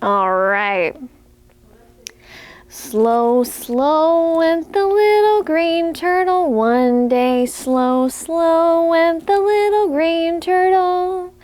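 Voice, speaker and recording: A woman's voice: very high-pitched, expressive, extremely slow, darkish tone, no echo. A young woman, a children's librarian, leading a preschool story time with playful sing-song songs and action rhymes.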